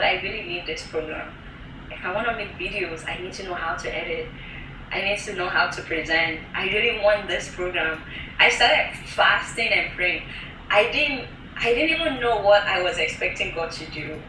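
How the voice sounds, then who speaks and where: A woman, a guest speaker, giving an animated personal testimony and acting out what others said to her. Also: mid-range voice, far from the mic, slight background noise. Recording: roomy echo from off-mic.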